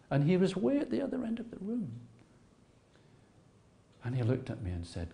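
A man recalling a personal memory in a reflective, storytelling way, often repeating words and dropping to soft asides. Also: fairly low pitch, big pitch swings, normal speed, creaky, pauses often, slight background noise.

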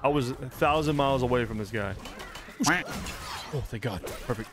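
A young man casually commentating a game as he plays, excitable and swearing, with shouted reactions. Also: mid-range voice, moderate pace. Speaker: gaming streamer. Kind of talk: let's play commentary. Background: game music.

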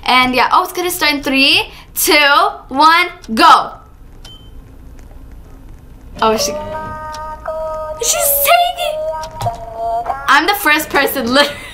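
A woman giving chatty, excitable live commentary while playing a video game, full of quick exclamations. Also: sits high, faint music behind. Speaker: gaming channel host.

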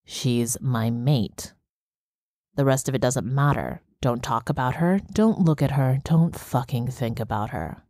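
Furious young bear shifter, slow and menacing, a woman reads him. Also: very deep voice, animated, dark tone, dry recording, clean studio sound. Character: angry young male bear shifter, possessive.

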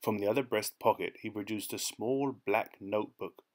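A man reading a short story aloud as audiobook narration, in a measured, even manner. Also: on the low side. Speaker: audiobook reader. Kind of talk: scripted narration.

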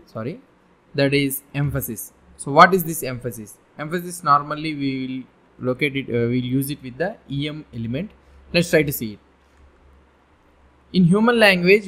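In this screen-share coding lesson, a male web development instructor explains things in a loose, wandering way, frequently restarting and repeating. He has a fairly high voice that sounds pushed and bright.

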